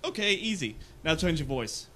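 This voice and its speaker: A man's voice: on the high side, big pitch swings, moderate pace, fairly bright tone, slight background noise. A young man in casual chat, hesitant and stumbling over his words. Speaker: tabletop game player.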